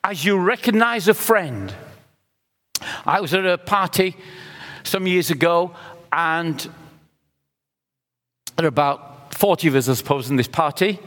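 A middle-aged man preaching a sermon with impassioned, emphatic runs that climb in pitch. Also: fairly bright tone, big-room sound.

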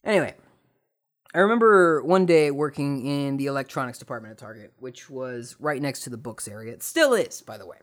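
A young man hosting a podcast, telling comic stories and ranting sarcastically, swearing freely and jumping from mutters to loud outbursts. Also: mid-range voice, expressive, a little fast. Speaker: podcast host. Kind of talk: comedic storytelling rant.

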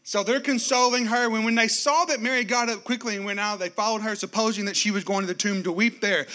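Pastor preaching, high bright voice, goes loud then really quiet. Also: male voice, fairly even intonation, quick pace, few pauses. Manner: preaching with wide swings from loud to hushed. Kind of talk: sermon.

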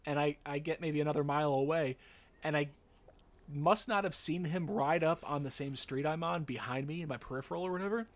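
A man telling a story in casual chat, his voice a touch higher than most. He swears freely and slips into voices for the people he describes, laughing along as he goes. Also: fairly quick. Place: Los Angeles area.

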